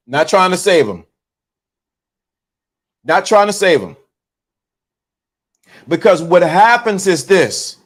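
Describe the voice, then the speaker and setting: A man hosting his own channel, giving a preachy live commentary, repeating himself and restarting phrases often as he talks into his phone. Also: high voice. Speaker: channel host. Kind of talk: livestream commentary.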